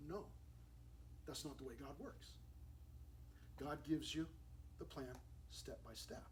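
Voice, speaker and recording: A young man, a youth pastor, preaching a sermon at a church service in a lively, casual storytelling way with slang. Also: a little high, slow pace, long pauses. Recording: distant mic with faint room noise.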